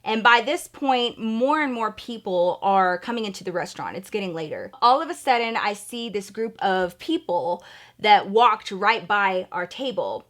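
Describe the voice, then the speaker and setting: A woman's voice: mid-range voice, animated, normal speed, a bit bright. A young woman vlogger telling a dramatic story in a sassy, profane, casual way. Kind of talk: storytime vlog.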